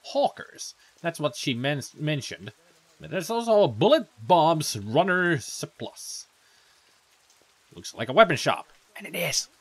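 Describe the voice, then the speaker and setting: Chatty game commentator. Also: male voice, fairly high pitch, sing-song, measured pace, fairly bright tone. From Finland. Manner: chatty, rambling asides. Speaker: let's play host. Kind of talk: gameplay commentary.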